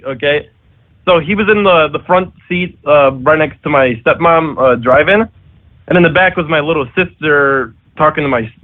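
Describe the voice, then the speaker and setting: Male radio caller, hesitant storyteller, slightly high voice, phone-quality sound. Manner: hesitant, lots of uhs. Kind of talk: telling a story on a call-in show. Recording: tinny phone line.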